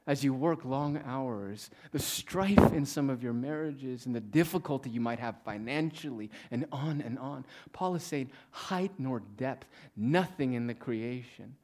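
Man preaching, loud to hushed. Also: medium pitch. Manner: swings from loud emphatic preaching to hushed near-whispers; reads scripture aloud with slow stressed pauses. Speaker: pastor. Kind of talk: sermon. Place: church in front of a congregation.

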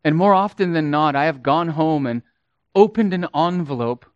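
A man preaching a sermon as pastor, slow and emphatic, rising and falling in volume for emphasis. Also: fairly high pitch, expressive, dry recording, muffled recording.

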